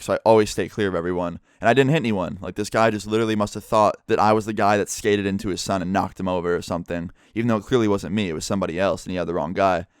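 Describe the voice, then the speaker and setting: Brief: young male vlogger, quick, crisp delivery, casual and profane. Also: fairly low pitch, no echo, clean studio sound. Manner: animated, casual, swears freely. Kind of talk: casual storytime.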